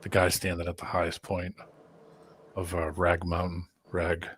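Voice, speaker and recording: A man chatting as a guest on a video call, telling rambling stories with halting restarts. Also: low voice, monotone, a bit bright, husky, dry recording, clean studio sound. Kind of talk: casual chat.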